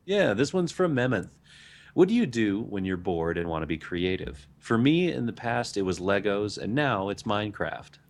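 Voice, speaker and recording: A man co-hosts a casual podcast and backs up his partner with short, supportive replies. His voice is low and deep. His pitch moves around a lot as he talks. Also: big pitch swings, moderate pace. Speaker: podcast co-host.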